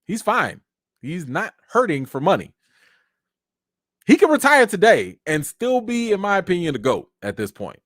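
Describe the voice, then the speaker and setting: A man's voice: sits high, moderate pace, dry recording, studio quality. Tired, chatty male live-stream host. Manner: animated, chatty, thanks viewers by name. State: tired, voice wearing out. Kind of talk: casual live chat reading comments.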